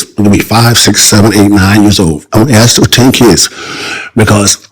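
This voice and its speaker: An older man talking as a guest in a casual interview, rambling with halting restarts and repeated phrases. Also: fairly low pitch, breathy edge, low-quality recording.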